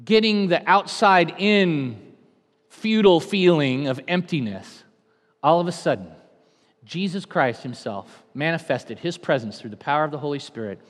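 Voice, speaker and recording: Preaching man in a reverberant hall. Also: mid-range voice. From California. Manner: dynamic preaching, swings from hushed to loud. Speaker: pastor. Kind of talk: sermon.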